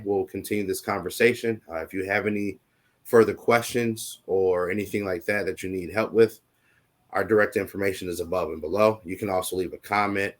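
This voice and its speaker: A man with a very low voice co-hosts a casual talk show. He rambles, leans on plenty of fillers, and sounds reassuring as he chats. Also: a bit bright. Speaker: co-host.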